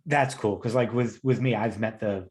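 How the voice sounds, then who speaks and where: A man's voice: fairly low pitch, fairly even intonation, normal speed, a little mellow. A man co-hosting a podcast, easygoing and teasing in casual chat. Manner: easygoing, laughs along, teasing. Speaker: podcast co-host.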